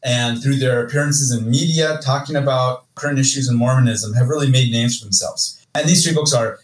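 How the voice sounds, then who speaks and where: A man co-hosting a podcast, talking casually through a list of book reviews with steady enthusiasm. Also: medium pitch, a little fast. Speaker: podcast co-host. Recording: roomy echo, distant from mic.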